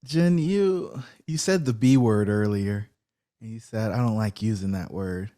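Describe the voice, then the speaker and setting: A man's voice: on the low side, a little slow, warm tone. A man hosting an interview podcast, reflecting back what his guest said and checking in with frequent questions. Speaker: podcast host. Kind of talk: casual interview conversation.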